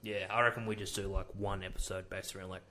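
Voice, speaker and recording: A man chats loosely on a podcast, his voice sitting low. He rambles, swears and lets his sentences drop off into quiet mumbles. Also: level tone, quick pace. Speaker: podcast co-host. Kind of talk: casual chat.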